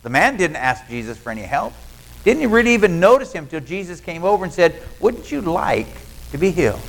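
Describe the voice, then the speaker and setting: A man's voice: high voice, big pitch swings, fairly quick, vocal fry, a bit bright, slight background noise, rough recording. A male pastor, preaching a sermon in a folksy storytelling way and acting out what people in the story say. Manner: folksy storytelling, acts out quoted lines.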